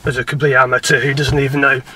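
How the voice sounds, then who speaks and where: English bloke, driving instructor, mix of posh and Birmingham accent, bright voice, rambling and self-mocking. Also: male voice, mid-range voice, little pitch movement, fast talker, breathy edge, far from the mic. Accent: English, between posh southern and Birmingham. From England. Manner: rambling, chatty, self-deprecating, laughs often. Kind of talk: casual Q&A to camera.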